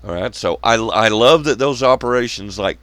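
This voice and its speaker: A man's voice: medium pitch, normal speed, fairly bright tone, no room sound. A man hosting his own channel, delivering a profane, sarcastic ranting monologue and mocking others in scornful quotes. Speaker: channel host.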